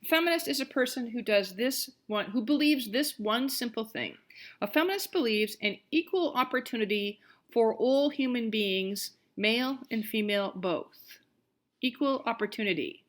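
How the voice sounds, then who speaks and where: A woman's voice: a little high, normal speed. Chatty woman history lecturer. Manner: conversational and animated, many fillers and restarts. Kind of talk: recorded online college lecture.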